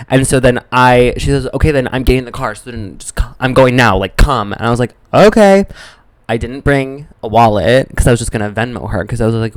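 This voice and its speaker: A man co-hosting a podcast, telling animated stories in casual chat and acting out the people he quotes. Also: medium pitch, clean tone, no room sound, low-quality recording. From American Midwest. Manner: animated storytelling, acts out quotes. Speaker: podcast co-host.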